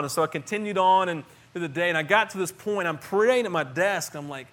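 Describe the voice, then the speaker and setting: A middle-aged man delivering a sermon, his voice sitting somewhat high for a man. He speaks earnestly and conversationally, restarting phrases and moving between hushed and louder moments. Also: fairly quick, hardly any pauses. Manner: earnest and conversational, with frequent restarts and swings in loudness. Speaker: pastor.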